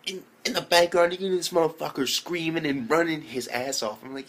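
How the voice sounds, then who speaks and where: A young man giving a casual, profane review of an episode, full of slang and sudden high exclaimed reactions. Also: quick pace, fairly bright tone. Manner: heavy swearing and slang, jumps into high-pitched exclaimed reactions. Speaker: anime reviewer.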